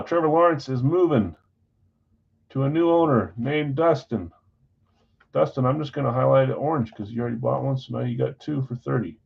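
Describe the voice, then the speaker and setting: A man's voice: medium pitch, gravelly, slightly rough, highs cut off. A man hosting a live stream, casually reading off trades and talking to buyers in a scattered, self-deprecating way. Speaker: card break host.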